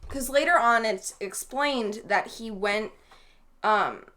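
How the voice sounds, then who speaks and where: A woman's voice: fairly high pitch, slow, bright, forceful tone. A woman hosting a casual movie-review chat, rambling and giggly with lots of fillers. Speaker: host.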